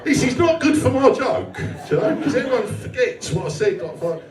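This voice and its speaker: A man's voice: very high voice, very animated, moderate pace. A British man in his forties doing live stand-up on a club stage, telling a crude story full of swearing. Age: 40s. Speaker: stand-up comedian. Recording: echoey club from far off. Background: laughing crowd.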